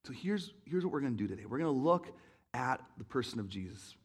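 A young man preaching a sermon in an auditorium, telling stories in an animated way and acting out voices. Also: medium pitch, fast talker, breathy edge. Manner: animated storytelling, acts out voices, laughs along. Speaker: pastor.

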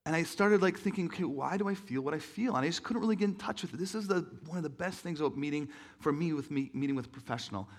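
Earnest man preaching, slightly high voice. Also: racing, few pauses. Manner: earnest, emotional, with many restarts and fillers. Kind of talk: sermon storytelling.

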